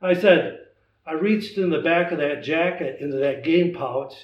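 Older guy telling stories, kinda high voice, sounds far off in a roomy space, dull audio. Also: unhurried. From United States. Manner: animated storyteller, acts out voices in his tale. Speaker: guest. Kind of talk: storytelling in casual chat.

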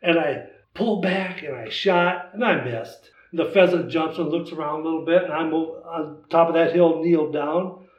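Older guy telling stories, kinda high voice, sounds far off in a roomy space, dull audio. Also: moderate pace. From United States. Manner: animated storyteller, acts out voices in his tale. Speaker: guest. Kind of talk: storytelling in casual chat.

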